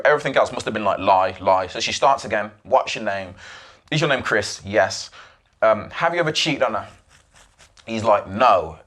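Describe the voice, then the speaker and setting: A man hosting a podcast, casually retelling a documentary with swearing and acted-out quotes. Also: mid-range voice. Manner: animated, swearing, acts out quoted voices. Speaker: podcast host.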